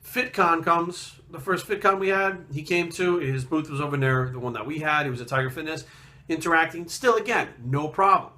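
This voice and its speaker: A man's voice: fairly high pitch, normal speed, bright, forceful tone. A man hosting a fitness channel, talking bluntly and profanely in a heated, casual rant, often acting out what others said. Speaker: fitness video host. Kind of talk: casual ranting monologue.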